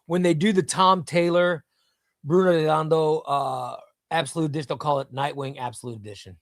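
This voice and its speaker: A man's voice: a little high, steady tone, fairly quick, no echo, clean studio sound. A man hosting a casual live stream, reading viewer chat and rambling, often repeating himself. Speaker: livestream host reading chat.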